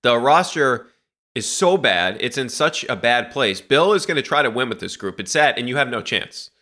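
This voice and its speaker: A man's voice: mid-range voice, moderate pace. A man hosting a sports podcast, talking bluntly and animatedly about his team. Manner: blunt, animated, laughs while ranting. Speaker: podcast host. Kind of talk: casual sports talk.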